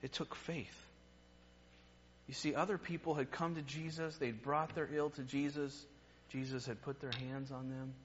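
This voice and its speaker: A man preaching a sermon in an earnest way. His voice goes from emphatic lines to hushed, quiet ones. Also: medium pitch, steady tone, moderate pace, lo-fi sound, a little hiss or hum.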